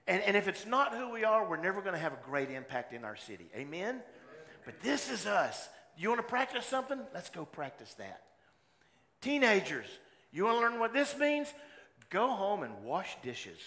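A man preaching a sermon as pastor, moving between loud exhortation and hushed personal storytelling. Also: high voice, wildly swooping pitch, moderate pace. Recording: long hall reverb, faint room noise.

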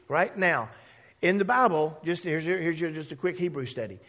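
In a large hall, a man with a voice on the high side preaches a sermon at normal speed. As pastor he keeps it lively and conversational, imitating characters' voices and encouraging the congregation to say words back.

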